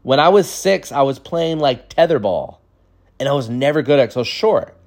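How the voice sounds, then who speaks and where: A man in his thirties rambles through comic stories, sprinkling in "like" and "dude" as he goes. His pitch swings widely and lively from line to line, and he keeps jumping into quick voices. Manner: animated, jumps into quick voices. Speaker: podcast host. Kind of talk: comedic storytelling monologue.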